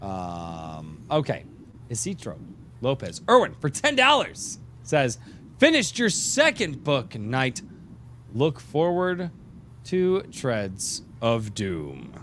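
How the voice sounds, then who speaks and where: Drinking beer while he hosts, a middle-aged man chats in a rambling, joking way on a casual podcast live stream, his voice worn and tired. It's mid-range and a bit bright, with huge swings in pitch and a slow pace, plus a little hiss or hum.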